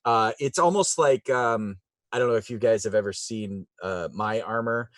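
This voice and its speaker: A man's voice: fairly low pitch, moderate pace, fairly bright tone, no echo, studio quality. A man running a tabletop game as game master, describing the scene in a rambling way with lots of fillers. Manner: rambling, with many fillers, laughing often.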